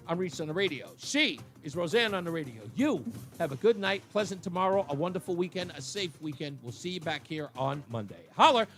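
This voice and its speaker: A man's voice: a little high, brisk, few pauses, faint music behind. A man with a New York accent hosting a talk radio show, joking and laughing through casual banter. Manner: jokey, animated, laughs often.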